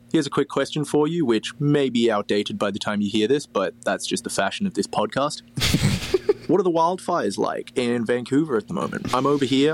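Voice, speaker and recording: Brief: man from Australia, breezy voice-message caller, mid-pitched and upbeat. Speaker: listener sending a voice message. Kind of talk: recorded voice message.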